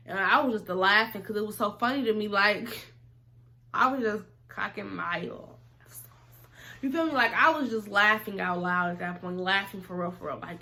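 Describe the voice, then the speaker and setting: A young woman telling a casual storytime, animated and slangy, acting out both sides of the conversation. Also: medium pitch.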